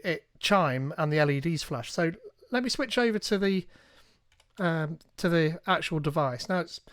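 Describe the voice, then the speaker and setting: A man hosting a live tech tutorial, reading instructions aloud and thinking out loud as he goes. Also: fairly high pitch, no echo, clean studio sound. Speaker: tech streamer.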